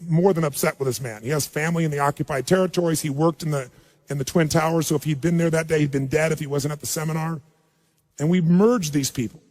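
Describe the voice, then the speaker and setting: A man delivers a motivational seminar speech in a high voice, shifting from hushed storytelling to urging the audience. His voice rings with the long reverb of a big hall. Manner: storytelling, then urging the crowd. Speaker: motivational speaker.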